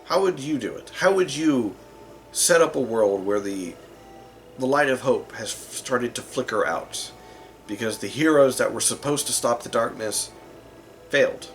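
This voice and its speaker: A man's voice: medium pitch, lively intonation, measured pace, soft background music. A man hosting a tabletop gaming channel, talking casually and rambling a bit with likes and uhs. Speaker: tabletop game channel host. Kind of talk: casual talk to camera about running games.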